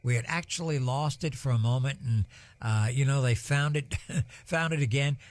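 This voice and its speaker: Older folksy broadcaster, dry sound. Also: male voice, mid-range voice, normal speed, no room sound. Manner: rambling, many ums and uhs, folksy. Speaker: broadcast weather host. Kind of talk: live storm coverage, storytelling.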